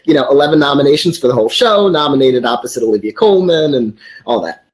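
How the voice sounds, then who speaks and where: A man's voice: mid-range voice, expressive, fast. A man interviewing an actress, asking long, rambling questions full of fillers.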